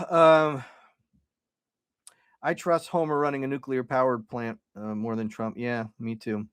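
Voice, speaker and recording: A man's voice: mid-range voice, steady tone, takes it slowly, pauses often, clear, resonant tone, no room sound, studio quality. A man hosting a podcast livestream, talking casually, swearing freely and mixing jokes with serious points. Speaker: podcast host.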